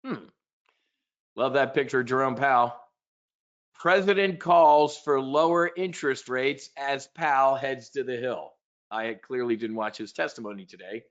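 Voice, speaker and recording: A man's voice: medium pitch, measured pace, a bit bright. Male market-briefing host with a blunt, profane ranting delivery and slightly muffled audio. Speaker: trading show host.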